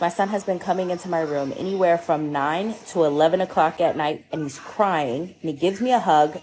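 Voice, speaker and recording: A woman, a mother, telling a story to the camera in a casual, animated and incredulous way. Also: fairly low pitch. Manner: animated, incredulous, quoting her child.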